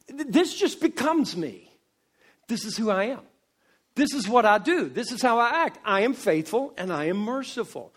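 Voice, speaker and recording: A male pastor preaching a sermon, swinging between loud emphasis and hushed asides. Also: high voice, big pitch swings, breathy edge. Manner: slow, drawn-out delivery.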